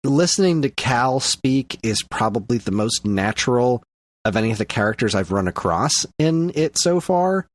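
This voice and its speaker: A podcast co-host with a voice of middling pitch, chatting casually and ranting with lively energy. His voice is recorded dry and close to the mic. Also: normal speed, dry recording. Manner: animated, ranting. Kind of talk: casual chat.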